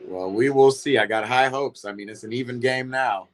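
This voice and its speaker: A young man hosts a livestream football watch party, reacting casually to the match and greeting viewers in chat. His voice is medium-pitched at normal speed, with slight background noise.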